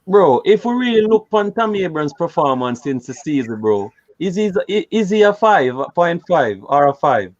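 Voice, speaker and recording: A man's voice: on the high side, sing-song, moderate pace, hardly any pauses, no room sound, highs cut off. A man on a casual panel who argues his point insistently and keeps calling people bro. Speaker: podcast panelist. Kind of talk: heated casual debate.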